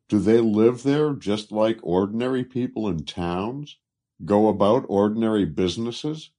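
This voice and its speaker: A male narrator reads an old travel story in an unhurried, expressive way. His voice is deep and husky, and his pitch swings widely from phrase to phrase. He lifts his voice for the speech of the people in the story. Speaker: audiobook narrator. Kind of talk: scripted narration.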